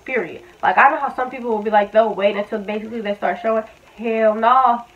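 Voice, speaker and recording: On thin, phone-quality audio, a female vlogger in her 20s recounts a personal story in a relaxed, frank way, peppered with fillers and curse words. Her voice sits on the high side, with a steady tone and a brisk delivery.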